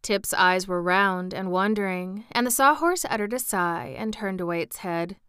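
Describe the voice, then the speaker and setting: A woman narrating a classic storybook in an even, measured reading. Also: medium pitch, clear, resonant tone, no room sound, studio quality.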